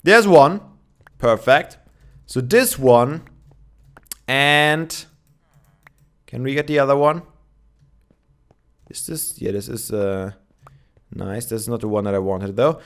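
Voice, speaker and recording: A man's voice: mid-range voice, slow pace, pauses often, fairly bright tone, clean tone. A young man giving casual gameplay commentary, chatting and thinking aloud with many fillers, with his morning voice. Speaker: Minecraft let's player.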